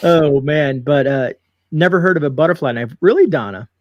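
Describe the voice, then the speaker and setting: A man's voice: fairly high pitch, normal speed, highs cut off. A man hosting a casual live-stream chat, laughing easily and rambling between comments. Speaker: preparedness channel host.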